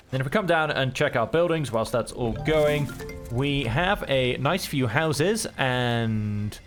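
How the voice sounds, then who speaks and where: A man's voice: medium pitch, a bit bright. Easygoing man narrating gameplay. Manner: easygoing, chatty, thinks aloud. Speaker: gameplay streamer. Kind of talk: relaxed let's-play commentary.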